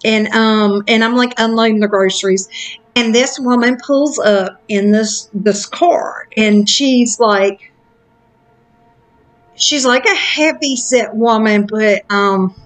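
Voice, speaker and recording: A woman telling a story in a casual, frank, animated chat, with lots of fillers. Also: a little high, slow pace.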